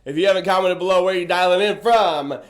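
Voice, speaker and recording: A man with a high-pitched voice hosts a hyped-up motivational livestream. He talks with bursting energy, repeats chants over and over, and coaches his viewers through arm swings and stretches. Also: fast talker. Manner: energetic, hype, repetitive chants, leads viewers in movement.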